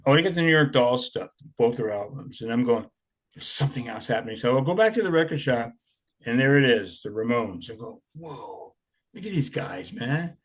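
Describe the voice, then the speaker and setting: A man's voice: medium pitch, expressive, brisk. Rambling laid-back older man. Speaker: interviewee, punk musician. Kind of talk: casual storytelling.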